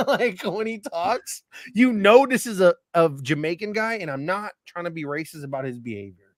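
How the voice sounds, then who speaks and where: Male podcast co-host: high pitch, very dry, animated casual delivery with frequent swearing. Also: normal speed, no room sound. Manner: animated, swears freely, laughs often. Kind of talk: casual sports chat.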